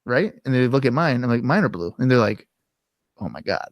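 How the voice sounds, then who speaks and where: This young podcast co-host tells rambling, sweary stories, performing lines he once heard or said. His medium-pitched voice is sing-song and a little fast. The recording is dry and clean, studio sound.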